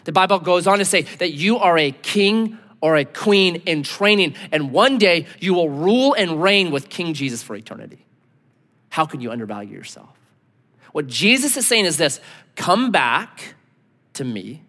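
A man in his forties preaching a sermon, animated, with rhetorical questions and sudden hushed asides. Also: high-pitched, moderate pace. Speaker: pastor. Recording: reverberant hall.

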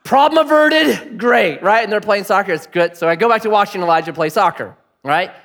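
A man in his thirties preaching a sermon, telling a family story with animated, self-deprecating humor. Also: sits high, a little fast. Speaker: pastor.

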